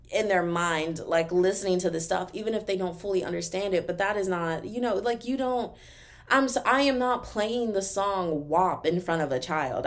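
A young adult woman from Texas with a Texan accent, hosting a podcast in a casual, animated solo rant full of fillers. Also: lowish voice. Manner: animated, exasperated, talks fast with many fillers. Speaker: podcast host.

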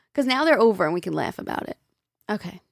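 A woman's voice: medium pitch, gravelly, no echo, clean studio sound. A woman co-hosting a casual podcast, reading listener emails aloud and chatting, swearing freely and laughing often. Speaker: podcast co-host.

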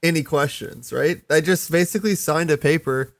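Deadpan young man, dry close sound. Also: a little high, moderate pace, gravelly, no room sound. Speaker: podcast co-host. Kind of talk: casual chat.

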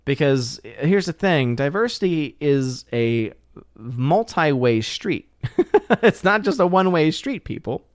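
A man's voice: on the high side, sing-song, slow pace, dry recording, clean studio sound. A man hosting his channel, chatting casually and reading viewer comments on a live stream, loose and full of fillers and restarts. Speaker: channel host.

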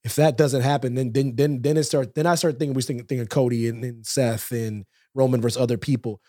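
A man co-hosting a wrestling podcast, ranting with animated energy and frequent repetition. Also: medium pitch, a little fast, no echo, clean studio sound. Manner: animated, repeats himself, loud rants. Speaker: podcast co-host.

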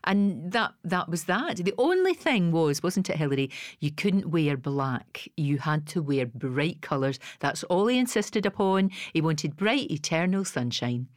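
A middle-aged Scottish woman hosting a chat, with a low voice that swings widely in pitch. She is animated and quick to exclaim, and the sound is dry and close. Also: dry recording. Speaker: host. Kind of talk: casual interview chat.

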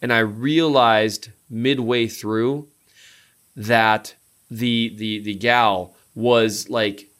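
A middle-aged man co-hosting a casual sports podcast, animated, his voice jumping up in pitch when he makes a point. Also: very slow, clear, resonant tone.

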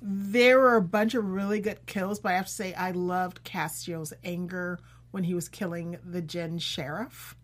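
A woman's voice: fairly low pitch, steady tone, unhurried, hardly any pauses. A woman co-hosting a casual podcast, talking as an enthusiastic fan and retelling scenes with animation. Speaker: podcast co-host. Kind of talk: casual chat.

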